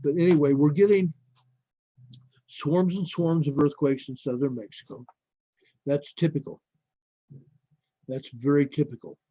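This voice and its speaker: A man with a somewhat high, mellow voice hosts a casual live stream, rambling unhurriedly and calling his viewers folks. He talks very slowly. The sound is dull and lo-fi, with a dry, close feel. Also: fairly even intonation, dry recording. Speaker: livestream host. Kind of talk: casual live stream commentary on earthquake maps.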